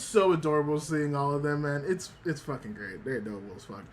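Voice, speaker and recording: A male VTuber chatting on a casual livestream, rambling and looping back on himself. He swears freely and often repeats lines. His voice sits a bit high for a man. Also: fast, hardly any pauses. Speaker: VTuber streamer.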